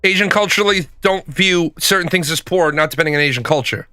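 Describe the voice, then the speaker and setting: A man's voice: fairly high pitch, fast talker, pushed and bright, dry recording, studio quality. A man ranting in a casual, profane way, hammering his points home through repetition. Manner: emphatic, profane, repeats points for emphasis. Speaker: commentator.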